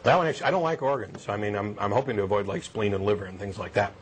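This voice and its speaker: A man's voice: fairly low pitch, racing, a little hiss or hum. A man joking around on camera, stammering, laughing often and talking while he eats. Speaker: show regular. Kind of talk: joking casual chat on camera.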